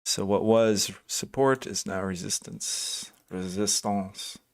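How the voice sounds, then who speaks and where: Unhurried and steady, a man with a fairly low voice hosts a live day trading stream. He greets chat viewers by name and offers casual market commentary, thinking aloud over charts in a hesitant way marked by frequent fillers, restarts and self-corrections.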